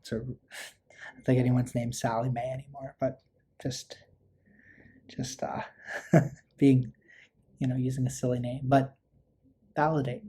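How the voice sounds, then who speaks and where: A man leads a parenting workshop in a relaxed, conversational way. His voice is warm and dark, with a flat, even delivery that rarely rises, and he slips into short example lines a parent might say. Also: medium pitch, unhurried, long pauses, slight background noise. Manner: conversational, acts out parent lines with small asides. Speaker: therapist teaching a parenting workshop. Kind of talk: relaxed instructional talk.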